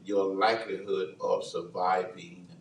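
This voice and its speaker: A man hosting a church talk show, telling a story in a lively, dramatic way with laughter. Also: deep voice, unhurried, gravelly, slight background noise. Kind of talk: animated storytelling in casual chat. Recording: roomy sound from a distant mic.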